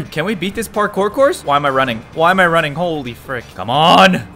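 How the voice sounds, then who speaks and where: A young man giving excitable gameplay commentary, swinging from low muttering to sudden yelps and shouts, laughing often. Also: fairly quick. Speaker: gaming YouTuber.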